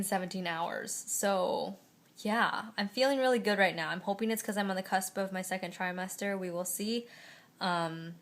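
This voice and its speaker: A young woman chatting at home in a rambling, emotional way, laughing often as she gives a pregnancy update. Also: mid-range voice. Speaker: vlogger. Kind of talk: casual pregnancy update vlog.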